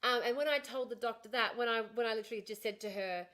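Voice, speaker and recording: Chatty woman, slightly high voice. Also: fast talker, a bit bright. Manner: chatty and frank, talks straight to viewers, swears casually. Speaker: livestreamer. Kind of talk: casual livestream chat. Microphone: desk streaming microphone.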